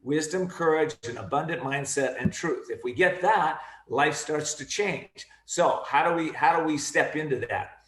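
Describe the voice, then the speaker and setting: A man giving an energetic, emphatic motivational talk on a video call, repeating his key phrases. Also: a little high, moderate pace, few pauses, roomy sound, slight background noise. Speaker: guest speaker.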